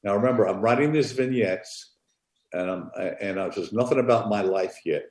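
A man, an author and music therapist, telling an animated story on a podcast and acting out the dialogue. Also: on the low side, moderate pace, echoey room.

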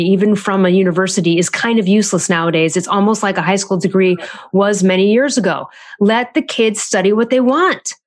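A woman author giving parenting advice in casual podcast talk. She is chatty and animated and acts out quoted lines with jumps in pitch.

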